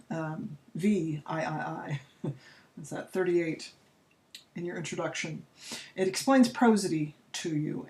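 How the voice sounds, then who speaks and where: A woman teacher talks her students through a poetry lesson in a slightly low voice. She explains in a relaxed, chatty way, with fillers and restarts. When she reads lines aloud, she stretches out the beat to make the rhythm plain. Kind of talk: recorded classroom lesson.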